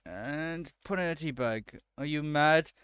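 Man gaming commentary, fairly high voice, smooth and clear, dry close sound, cursing outbursts. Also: measured pace, a bit bright, no room sound. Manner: swearing, frustrated outbursts at the game. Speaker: let's-play gamer. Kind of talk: let's-play commentary.

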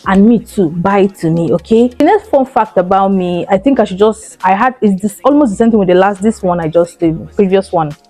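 Chatty woman, mellow voice. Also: mid-range voice, a little fast, few pauses. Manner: chatty, emphatic, repeats phrases, addresses viewers as girl. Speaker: vlogger. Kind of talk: casual talk to camera.

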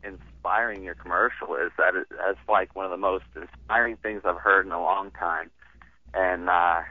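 A man calling in to a radio talk show, speaking haltingly with frequent restarts and short laughs. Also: low-pitched, dry recording. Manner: halting, restarts often, laughs while talking. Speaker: caller. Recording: tinny dry phone line.

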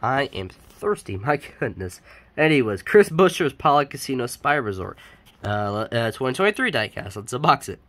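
A man's voice: medium pitch, very animated, normal speed, fairly bright tone. A man chatting casually as he unboxes die-cast cars, rambling with lots of fillers and self-corrections. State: sniffly. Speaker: die-cast collector and YouTuber.

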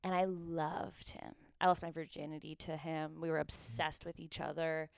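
A woman hosts a casual comedy podcast. She talks bluntly, swears freely and laughs often. Her voice is smooth and clear, and the sound is dry and close. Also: deep voice, level tone, normal speed, no echo. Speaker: podcast host.

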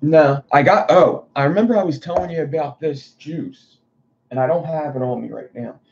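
A man's voice: fairly high pitch, normal speed, creaky, darkish tone. A male streamer chatting casually to viewers in a rambling, profane way. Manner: rambling, loose, profane talk. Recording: dull lo-fi stream audio.

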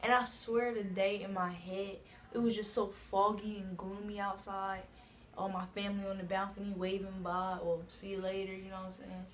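A woman from New Jersey tells a casual storytime on her channel, drifting along and padding her sentences with loose asides. Her voice sits at an ordinary middle pitch. A faint hiss runs underneath. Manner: rambling, many "like" and "you know what I'm saying" asides. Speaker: vlogger.

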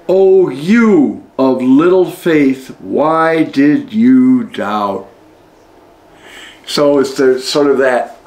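A man with a somewhat high voice talks very slowly, reading a spiritual text aloud and stopping to reflect on each passage. His tone is explanatory and unhurried, like a teacher guiding a study group. The sound carries a noticeable room echo. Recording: echoey room.

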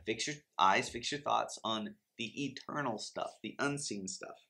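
A man's voice: medium pitch, unhurried, gravelly, bright, forceful tone. Earnest man preaching about faith. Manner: earnest, emphatic, acts out inner prayers and reactions. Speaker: Christian finance teacher. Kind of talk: motivational faith teaching.

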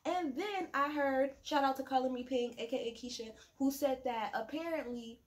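A woman with a fairly high voice rants through a reality show recap in casual vlog talk. She is blunt, profane and sassy, and drops quick mocking asides.

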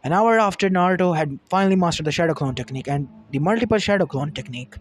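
A man's voice: on the high side, animated, fast talker. A man reading a fan fiction story aloud, with small stumbles and restarts. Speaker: narrator. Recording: music under the voice. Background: lofi background music.

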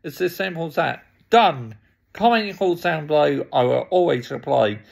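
A man's voice: fairly high pitch, animated, normal speed, creaky. A man delivering an angry, frustrated football fan rant full of swearing.

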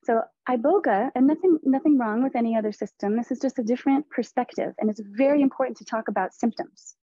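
A fairly high-pitched woman with a mellow, breathy voice gives an earnest spiritual lecture to therapists at a measured, deliberate pace. She speaks over a dry, dull-sounding video call. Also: no room sound. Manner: slow, deliberate, earnest teaching. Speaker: presenter on a teaching panel.

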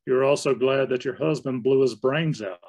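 A hard-edged noir detective, read by a man, blunt and accusing. The voice sits in the reader's own middle register and carries a gravelly grain. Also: medium pitch, normal speed, darkish tone, natural voice.

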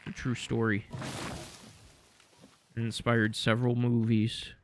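Brief: male streamer, mid-pitched voice, dry sarcastic jokes over casual gameplay commentary. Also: takes it slowly, background noise. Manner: sarcastic, deadpan joking, laughs at his own jokes. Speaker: game streamer.

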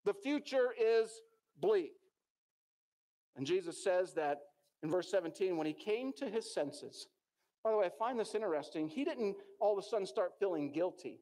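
A man's voice: high-pitched, animated, moderate pace, dark tone. A middle-aged man with an American accent, preaching a sermon in a church and telling stories earnestly, with many restarts. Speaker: pastor.

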